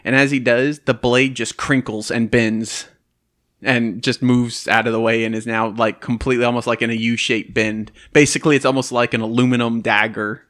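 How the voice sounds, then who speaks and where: A man's voice: medium pitch, normal speed. A man narrating as game master in a casual tabletop role-playing session. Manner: relaxed, laughs at own dice rolls.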